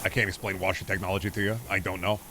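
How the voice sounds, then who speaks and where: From his home setup in Iowa, a man streams a game and chats casually and sardonically, swearing freely and muttering to himself. His low voice is level in tone, very fast, pushed and bright. There's slight background noise and faint music behind him.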